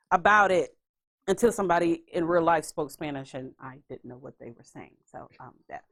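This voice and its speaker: A woman hosting a podcast in casual chat, animated and swearing freely. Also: medium pitch. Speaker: podcast host.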